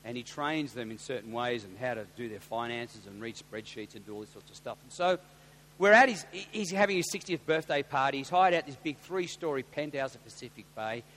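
An Australian man and pastor tells a story in a sermon, animated and getting loud when excited. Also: mid-range voice, a little fast. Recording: long hall reverb with faint hum.

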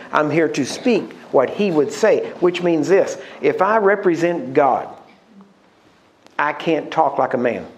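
Emphatic male preacher, fairly high voice. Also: lo-fi sound. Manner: emphatic, slows down for stress, calls out to congregation. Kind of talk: sermon.

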